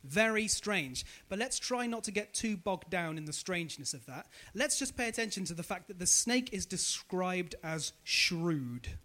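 A male preacher giving a sermon in a high, bright voice that swoops all over as he talks. He keeps putting questions to the congregation and echoing back their answers. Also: expressive, moderate pace, hardly any pauses.

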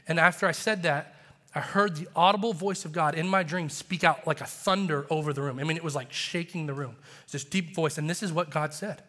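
A man preaching a sermon as pastor, passionate and animated, with rising emphasis. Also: on the high side, a little fast. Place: church sanctuary. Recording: long hall reverb.

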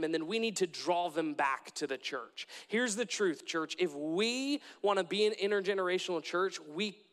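Young male preacher, high-pitched, earnest and repetitive, large reverberant hall. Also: fairly bright tone. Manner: earnest, repetitive, with frequent restarts. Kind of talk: sermon.

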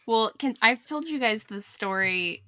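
A woman with a bright, forward voice co-hosts a casual podcast chat. She tells loose, rambling anecdotes and laughs often. The sound is dry and close, with no room reverb. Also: on the high side, animated, measured pace. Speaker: podcast co-host.

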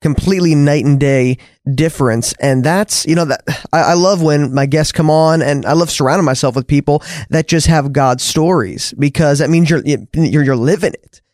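A man's voice: a little high, normal speed, hardly any pauses, a little mellow, no room sound, studio quality. A man hosting a faith podcast, enthusiastically affirming his guest's story. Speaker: podcast host.

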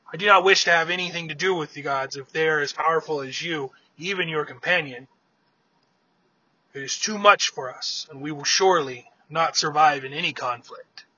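A man voicing a grave, wary male giant king in a casually told myth, speaking in a solemn, measured way. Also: a little high, bright, forceful tone, husky, no echo, lo-fi sound, heavily acted. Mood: uneasy.

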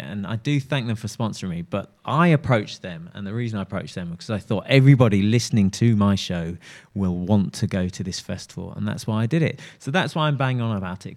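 A man's voice: lowish voice, darkish tone. Chatty man hosting a radio show. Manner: chatty, rambling, enthusiastic. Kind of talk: casual radio DJ chat.

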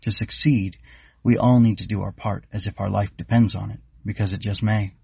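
A man voicing a wise, winged bug keeper who calmly instructs young cadets. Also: fairly low pitch, gravelly, slightly rough, no echo, lo-fi sound, exaggerated voice. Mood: earnest. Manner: measured, instructive.

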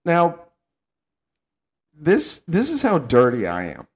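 A man from the Southern United States hosting a podcast, telling stories in a casual, animated way and laughing often. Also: fairly high pitch, slow. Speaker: podcast host. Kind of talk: casual chat.

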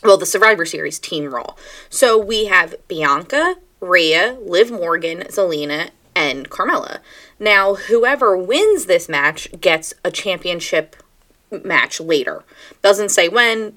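A woman with a slightly low voice talks through a wrestling show as a podcast co-host. She is blunt and animated and swears casually, in a loose chat. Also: a little slow.

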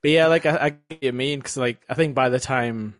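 A man's voice: medium pitch, brisk, dry recording. Rambling man on a dry podcast mic. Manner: loose, rambling with many "like"s. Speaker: podcast co-host. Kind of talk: casual podcast chat.

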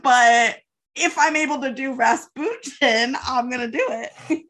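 A woman's voice: high voice, measured pace, bright, forceful tone. A woman co-hosting a podcast in casual chat, reacting in a giggly, playful way. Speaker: podcast co-host.

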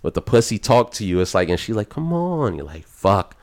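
Animated man telling a wild story. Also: fairly quick. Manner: animated, profane, jumps up in pitch for emphasis. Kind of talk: casual storytelling chat.

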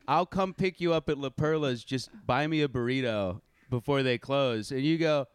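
A young man telling a story on a casual podcast, animated and swearing, acting out what others said. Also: mid-range voice, normal speed, clear, resonant tone, no room sound, clean studio sound. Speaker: podcast host.

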